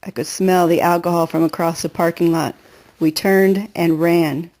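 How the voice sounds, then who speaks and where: A woman reading a first-person novel aloud in an earnest, steady storytelling voice. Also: lowish voice, normal speed. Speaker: audiobook reader.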